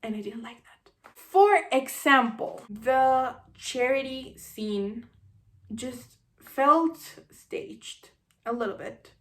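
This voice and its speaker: A woman giving an animated, sarcastic book review, acting out the scenes she criticizes. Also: a little high, slow.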